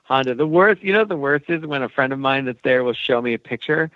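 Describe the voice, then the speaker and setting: A man's voice: mid-range voice, expressive, a little fast, no room sound, phone-quality sound. A man being interviewed as an animation producer, rambling and friendly with many fillers. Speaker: animation executive producer, guest. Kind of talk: casual podcast interview.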